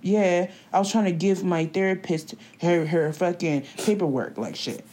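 A young woman co-hosting a casual chat, telling a story in a blunt, profane, animated way. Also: on the low side, normal speed.

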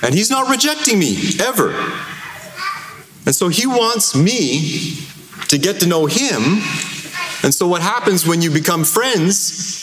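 Male priest with a Canadian accent, lively storytelling homily, church reverb. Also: measured pace, long pauses. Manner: conversational storytelling with lively pitch swings. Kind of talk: sermon. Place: large church. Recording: echoey church hall, faint noise.

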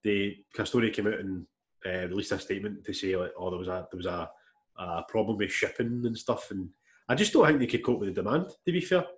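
Blunt, sweary Scottish man, low voice. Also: fairly quick. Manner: blunt, sweary, explains things plainly. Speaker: podcast co-host. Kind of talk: casual chat.

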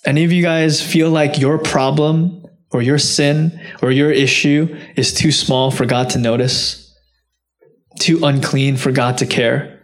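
A man preaching a sermon, earnest and direct, rising to impassioned peaks and dropping low and soft when quoting. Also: fairly even intonation, a little slow. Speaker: pastor.

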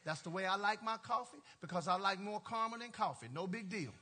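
Preaching a storytelling sermon at a quick pace, a male pastor speaks in a very high, bright, piercing voice. He laughs often, throws casual asides to his congregation, and talks loosely, full of "y'all" and "ain't."

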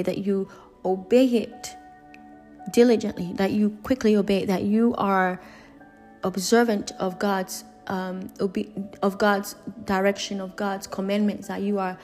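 Woman preacher, mid-pitched, emphatic and repetitive, faint music underneath. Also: steady tone, measured pace, darkish tone. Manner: earnest, repetitive, emphatic preaching with many restarts. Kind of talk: sermon.

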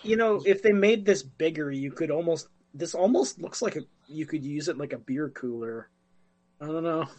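A man co-hosting a casual podcast, musing aloud in a relaxed way. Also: on the high side, moderate pace.

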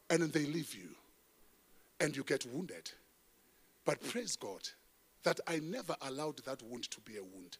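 A South African man preaching a sermon in church, telling stories with animation, swinging between loud calls and hushed asides. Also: a little high, husky. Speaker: pastor.

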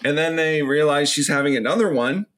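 A man's voice: a little high, a little fast, fairly bright tone. A man co-hosting a film podcast, casually recapping the plot and playing out lines from it. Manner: recaps plot, acting out quotes in put-on voices. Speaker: podcast co-host. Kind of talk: casual film review chat.

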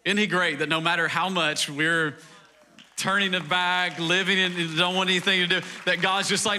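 Pastor, man, high and very bright, casual sermon full of "like"s. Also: steady tone, moderate pace, slight background noise. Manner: conversational preaching, acts out quoted dialogue, rising to a fervent climax; frequent "like" fillers.

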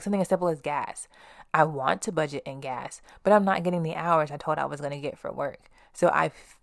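A woman's voice: sits low, vocal fry, no echo, clean studio sound. A young woman hosting a podcast, telling candid personal stories in a blunt, casual way and swearing freely. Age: young adult. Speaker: podcast host.

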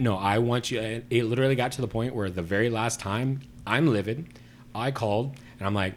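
A man's voice: medium pitch, brisk, slight background noise. A man telling a story in casual chat, ranting with animation and acting out both sides of the exchange. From Puerto Rico.

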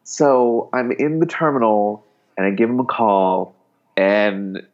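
A man's voice: fairly low pitch, slow, highs cut off. A man telling a personal story in a casual, rambling way, full of fillers and acted-out dialogue. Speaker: guest author.

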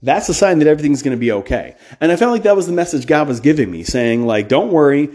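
A man's voice: on the high side, very animated, fast, darkish tone. A man hosting a podcast, talking in a casual preaching style, blunt and emphatic, with restarts and side remarks. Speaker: podcast host.

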